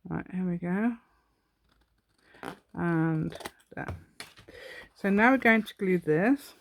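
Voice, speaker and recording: A woman's voice: on the low side, slow, vocal fry, a little hiss or hum. A woman hosting a step-by-step craft tutorial, chatting to herself and the viewer with rambling, giggly asides. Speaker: craft channel host.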